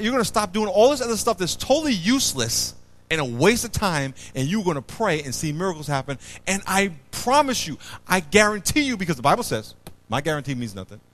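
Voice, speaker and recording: A man preaching a sermon as pastor, swinging between loud bursts and hushed low passages. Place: church.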